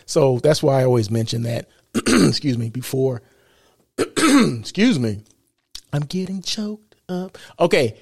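Hosting his live show and podcast, this man from the United States keeps things casual and chatty, asking "right?" again and again and laughing at his own jokes. His mid-range voice is animated yet a little slow, gravelly, husky and a little mellow, captured in studio quality without echo.

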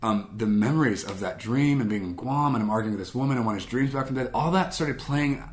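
A young adult man speaking as a ministry speaker, telling a personal testimony in an animated way and acting out his own past reactions. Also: medium pitch, fast, a little hiss or hum.

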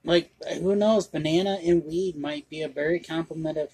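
A man's voice: a little high, steady tone, a little fast, a crowd in the background. A man co-hosting a casual podcast chat, telling a story in a rambling way, restarting his sentences and swearing. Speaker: podcast co-host.

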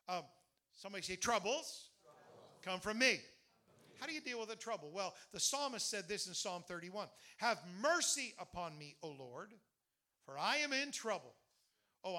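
A male pastor preaching an animated sermon, telling stories and leading the congregation in call-and-response. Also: high-pitched.

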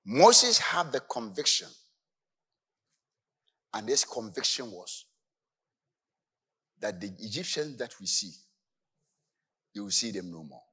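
Animated male preacher. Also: lowish voice, takes it slowly, pauses often, breathy edge. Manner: emphatic, swings between soft asides and shouted exclamations. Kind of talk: sermon.

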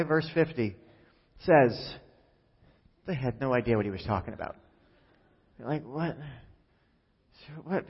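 A male pastor preaching a sermon in a conversational, joking way, acting out the quoted lines. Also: mid-range voice. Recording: muffled sound with long hall reverb.

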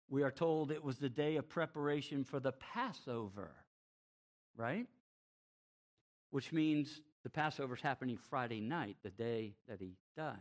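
Male pastor, sermon delivery, unhurried and emphatic, voice sits a touch high. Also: lively intonation. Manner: emphatic preaching with rhetorical questions and wide swings in loudness. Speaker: preacher.

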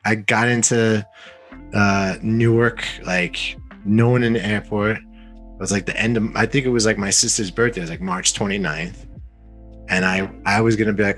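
Deep-voiced young man telling a story. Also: normal speed, soft background music. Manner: rambling, many fillers and restarts, animated when quoting others. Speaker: podcast guest. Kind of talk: casual conversational storytelling.

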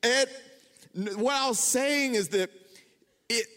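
An unhurried, high-voiced male pastor delivers a storytelling sermon in a church sanctuary with long hall reverb. His manner is animated and self-deprecating, and his pitch leaps whenever excitement takes hold.

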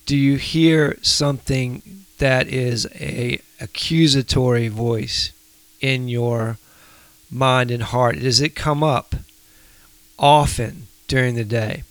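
A man co-hosting a faith podcast, asking earnest, probing questions at an unhurried pace. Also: mid-range voice, steady tone, a bit bright, smooth, no echo. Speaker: podcast co-host. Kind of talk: casual faith podcast chat.

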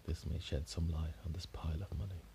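A man spins an improvised detective tale in a very low, dark voice. He rambles, stops and restarts mid-sentence as he goes. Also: fairly even intonation, fairly quick, gravelly, a little hiss or hum. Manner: rambling, with frequent restarts and self-corrections. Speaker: storyteller. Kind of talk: improvised story narration.

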